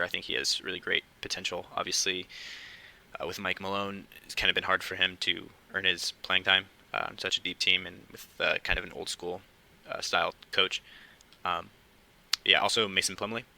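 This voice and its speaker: A young man hosting his own casual podcast, talking quietly and hesitantly at home late at night, with many fillers. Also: sits low, little pitch movement, brisk, vocal fry, low-quality recording. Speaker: podcast host. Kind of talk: casual solo podcast talk.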